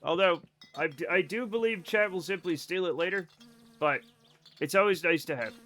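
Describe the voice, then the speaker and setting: Bright-voiced rambling game streamer. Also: male voice, sits high, moderate pace. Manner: rambling, self-amused, talks to chat. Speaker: live streamer. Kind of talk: casual live-stream chat while gaming.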